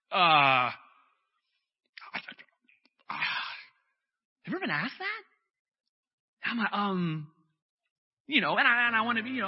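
A man preaching a sermon as a pastor, telling stories in a relaxed conversational way with lots of fillers. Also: sits high, normal speed, pauses often. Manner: conversational storytelling with frequent fillers. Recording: dull lo-fi sound with faint music.

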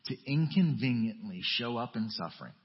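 A male pastor preaching a sermon in a conversational way, dropping to a hush and then rising to emphatic, urgent lines. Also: mid-range voice, animated, moderate pace. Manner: conversational preaching with wide swings from hushed to emphatic. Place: church sanctuary. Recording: dull audio with long church reverb.

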